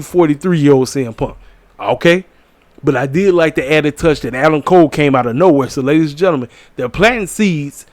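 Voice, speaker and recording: A man giving an animated, preachy casual commentary on wrestling shows, repeating his catchphrases, in a small room at home. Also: mid-range voice, no room sound. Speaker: wrestling show reviewer.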